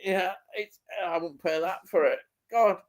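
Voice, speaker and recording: 说话慢悠悠、爱调侃的英国男人. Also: male voice, high-pitched, measured pace. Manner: teasing, laughs often. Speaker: co-host of a film chat live stream. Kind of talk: casual banter, reading chat comments.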